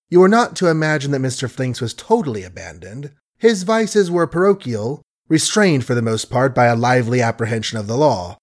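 A man's voice: mid-range voice, very animated. Man narrating a story with dry, wry asides. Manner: measured and wry, with asides to the listener. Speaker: audiobook narrator. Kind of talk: scripted literary narration.

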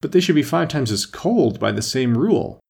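A polite, earnest young girl who answers carefully and gravely, voiced by a man reading aloud. Her voice is pitched high and moves animatedly, with a husky grain. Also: animated, normal speed, darkish tone.

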